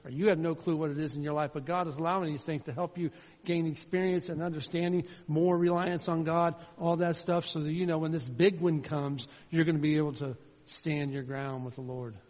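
A man preaching a sermon as a pastor, shifting from loud fervent calls to quiet personal storytelling. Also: on the high side, steady tone, fairly quick, hardly any pauses. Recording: dull sound with long hall reverb.

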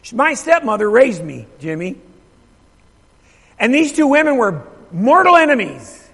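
A man's voice: very high voice, big pitch swings, measured pace, gravelly, fairly bright tone, slightly rough. A middle-aged male pastor telling a story in a sermon, emphatic and repeating his phrases while asking the congregation questions. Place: church sanctuary. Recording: long reverb of a large hall.

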